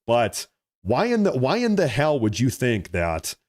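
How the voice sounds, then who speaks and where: A young man hosting a live political stream, ranting in a heated, combative way with profanity, his voice swinging between loud outbursts and low muttering. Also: wildly swooping pitch, a little slow. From United States. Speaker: political livestream host.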